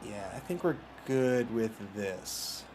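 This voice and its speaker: A man's voice: fairly low pitch, expressive, slow pace, noisy background. A man casually commentating his own video game match, taunting his opponent and chatting with viewers. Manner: banters with chat, taunts opponents, laughs.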